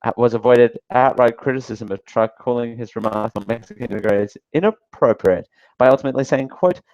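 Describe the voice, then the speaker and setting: A man's voice: medium pitch, steady tone, brisk, darkish tone, no room sound, muffled recording. A man hosting a live talk show, giving casual, sarcastic commentary that rambles with fillers and restarts. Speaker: show host.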